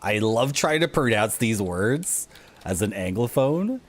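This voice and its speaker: A woman's voice: very deep voice, sing-song, a little slow. A woman streamer rambling through casual, self-mocking gaming commentary.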